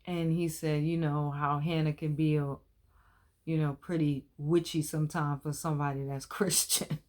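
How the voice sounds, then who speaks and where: A woman's voice: sits low, flat delivery, moderate pace, darkish tone. A woman in her thirties, hosting a casual recap of a TV episode, talking in a chatty, colloquial and opinionated way. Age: 30s.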